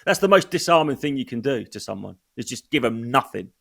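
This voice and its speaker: A man's voice: mid-range voice, big pitch swings, a little fast, gravelly, fairly bright tone. Blunt man telling stories. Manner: blunt, swears freely, tells anecdotes. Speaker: stand-up comedian. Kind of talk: casual chat.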